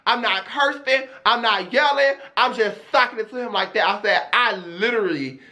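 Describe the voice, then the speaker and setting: Young male streamer, high voice, sassy and dramatic storyteller for a vlog. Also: moderate pace, bright, forceful tone.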